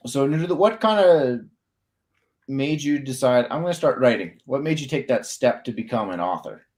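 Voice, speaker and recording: A man hosting a casual author interview, relaxed and enthusiastic, filling his speech with "like.". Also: mid-range voice, moderate pace. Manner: relaxed, says "like" often, enthusiastic. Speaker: interview host.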